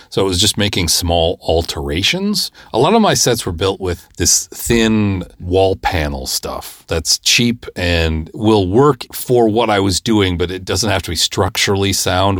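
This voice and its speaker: A man in his forties hosting a podcast, telling a personal story casually and animatedly, jumping high in pitch to act out the people he quotes and laughing at himself along the way. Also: no room sound, clean studio sound. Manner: animated, acts out quoted voices with big pitch jumps; self-deprecating, laughs through the story. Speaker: podcast host and filmmaker.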